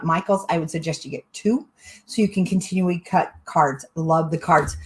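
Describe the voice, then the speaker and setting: A woman's voice: lowish voice, darkish tone. Chatty, giggly woman crafting host. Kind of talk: live-stream crafting chat.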